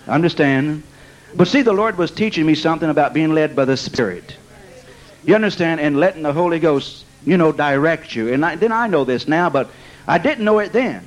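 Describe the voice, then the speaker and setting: A man with a notably high-pitched voice preaches a storytelling sermon. He sprinkles amen, bless God and praise God through his testimony and laughs along with his own story. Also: highs cut off.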